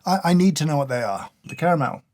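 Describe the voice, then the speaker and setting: A man's voice: a little high, lively intonation, fast talker, darkish tone. Dry, sardonic man tasting. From United Kingdom. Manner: dry, sardonic, mock-exasperated. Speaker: coffee reviewer. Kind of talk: casual taste-test commentary.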